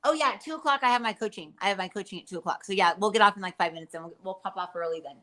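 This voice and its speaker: A middle-aged woman co-hosting a casual chat, telling rambling stories with restarts and quick laughs. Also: mid-range voice, a bit bright. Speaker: co-host.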